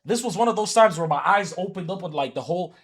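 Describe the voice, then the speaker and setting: A man's voice: high voice, lively intonation, fast talker, husky. A man from Africa chatting casually on a livestream, teasing people and repeating himself as he talks back to his chat.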